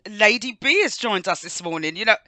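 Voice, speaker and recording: A woman's voice: medium pitch, expressive, a little fast, pushed and bright, dry recording. A woman co-hosting a radio show, chatting casually with listeners, greeting them by name and reading the news. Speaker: radio co-host.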